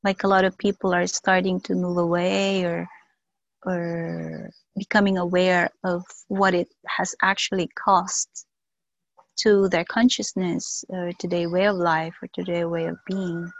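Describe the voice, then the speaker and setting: A woman sharing personal reflections slowly on a video call, with many pauses and fillers. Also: lowish voice, level tone, vocal fry, no room sound, highs cut off. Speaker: workshop participant sharing.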